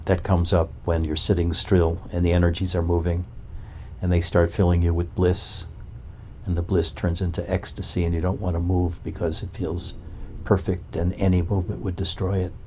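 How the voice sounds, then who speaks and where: Low-voiced man probing with questions. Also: completely flat delivery, moderate pace, a little mellow, a little hiss or hum. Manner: probing, asks rhetorical questions. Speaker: spiritual teacher. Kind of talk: spiritual talk to a gathering.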